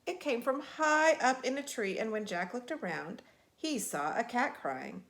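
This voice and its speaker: A woman reads a picture book aloud with lots of expression. Her voice sits a bit high and moves around a great deal. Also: a little slow, creaky. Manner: expressive, animated. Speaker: storyteller.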